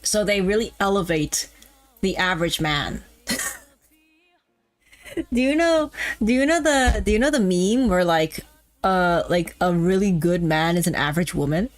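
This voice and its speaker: A woman's voice: fairly low pitch, expressive, unhurried, long pauses. A woman VTuber streaming casually while a little tipsy, rambling off topic, swearing and laughing. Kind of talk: casual livestream chat.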